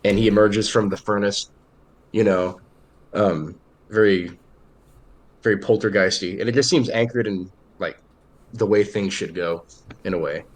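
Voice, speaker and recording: A man with a Kentucky accent offers his take on a film in relaxed podcast talk. He thinks aloud, hedging with fillers like "you know" and "I don't know". His voice sits somewhat low. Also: measured pace, pauses often. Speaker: podcast co-host. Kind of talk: casual chat.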